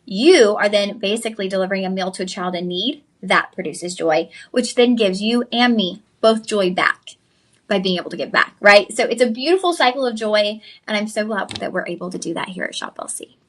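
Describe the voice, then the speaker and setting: A woman hosting a live shopping stream, chatty and upbeat, pitching jewelry and calling viewers "y'all". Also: brisk. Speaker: shopping channel host.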